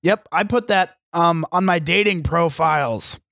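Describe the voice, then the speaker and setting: A man's voice: a little high, a little slow, vocal fry, a bit bright, dry recording, studio quality. A man co-hosting a casual movie-review podcast, joking and riffing with put-on quotes. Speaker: podcast co-host.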